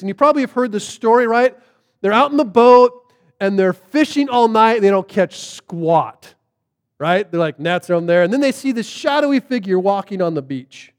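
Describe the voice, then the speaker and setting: A man's voice: sits high, big-room sound. A man preaching a sermon, telling the story casually and animatedly, with plenty of fillers. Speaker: pastor.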